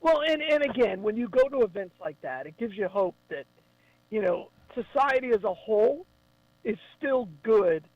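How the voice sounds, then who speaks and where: A man talking as a guest on a radio show, enthusiastic and quick to chime in. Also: high-pitched, expressive, no echo, dull audio. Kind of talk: casual radio chat.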